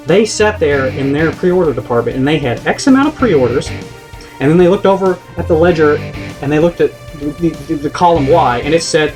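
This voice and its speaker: A man's voice: fairly high pitch, animated, brisk, darkish tone, faint music behind. A man ranting on a vlog, exasperated and profane, rambling with many restarts. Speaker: vlogger. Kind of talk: comedic rant vlog.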